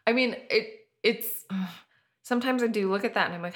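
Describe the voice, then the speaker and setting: A woman co-hosting a podcast in casual chat, reflective and self-deprecating, quick to laugh. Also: mid-range voice. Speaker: podcast co-host.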